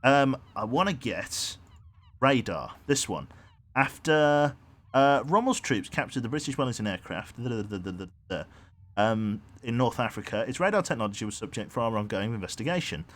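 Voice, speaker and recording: In an animated, medium-pitched voice with a fairly bright tone, a man gives live commentary on a submarine game at a moderate pace. He rambles on, hums while deciding on his crew, and reads the chat out.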